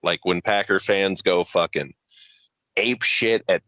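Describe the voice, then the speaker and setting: A man's voice: sits low, unhurried, sharp tone, no echo, highs cut off. A man co-hosting a podcast, reading notes aloud with profane, offhand asides. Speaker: podcast co-host. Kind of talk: casual reading of notes with banter.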